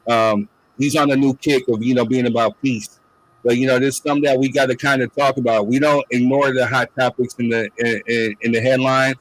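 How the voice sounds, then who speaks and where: A man's voice: mid-range voice, level tone, a little fast, low-quality recording. A man hosting a casual talk show, speaking loosely and filling his lines with "you know what I'm saying.". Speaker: podcast host. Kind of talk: casual chat.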